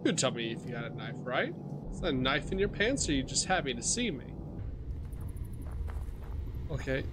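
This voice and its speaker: A man's voice: medium pitch, sing-song, normal speed, background noise. A man commentating on his own horror game play, jumpy and swearing, talking back to the characters on screen. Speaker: gaming streamer.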